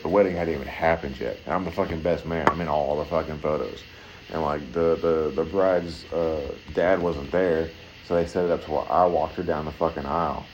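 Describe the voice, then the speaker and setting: A man telling a long, rambling story in casual, profane chat. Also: background noise. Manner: rambling, heavy swearing, acts out voices in high pitch.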